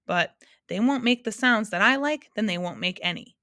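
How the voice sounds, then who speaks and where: A woman's voice: mid-range voice, fairly bright tone, dry recording, studio quality, close to an everyday voice. A woman reading as a stubborn old sound keeper. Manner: wistful then bossy, quick to scold. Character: wistful, stubborn older female sound keeper.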